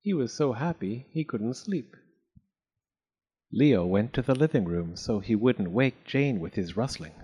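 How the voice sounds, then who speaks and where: A man reads a children's story aloud, his pitch rising and falling in a lively, animated way. His voice sits at a medium pitch for a man. His delivery is expressive and sounds read from a book. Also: husky. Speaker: narrator. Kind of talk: storybook reading.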